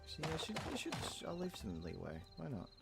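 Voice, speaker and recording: A man's voice: fairly high pitch, huge pitch swings, quick pace, creaky, loud music behind the voice. A young Australian man chatting casually on a game stream, rambling and giggling as he answers chat. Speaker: gaming streamer.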